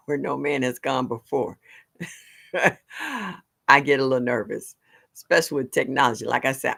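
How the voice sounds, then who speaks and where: A woman's voice: rumbling low, vocal fry, a bit bright. A woman hosting a livestream, chatting casually with her viewers and laughing often. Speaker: livestream host. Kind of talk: casual chat with live viewers.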